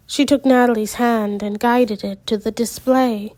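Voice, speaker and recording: A woman reading a novel aloud as narrator, unhurried, with small slips and asides. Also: mid-range voice, steady tone, a little mellow.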